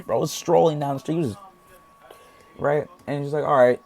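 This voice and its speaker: A young storytime vlogger rambles through a casual tale packed with slang, acting out what people said. His voice is fairly high, creaky, and darkish in tone at a normal pace, with a slight hiss or hum.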